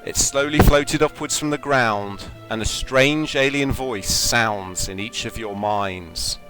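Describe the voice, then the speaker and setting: A man at mid pitch runs a tabletop game from home. He tells the story in a steady, measured way and moves easily into rules talk. Faint music sits behind him. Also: poor audio. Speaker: game master.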